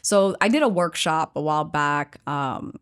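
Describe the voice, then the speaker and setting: A woman guest telling a workshop story in a lively, conversational way, often acting out what people said. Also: low-pitched, normal speed, clear, resonant tone. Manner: animated, acts out quoted voices.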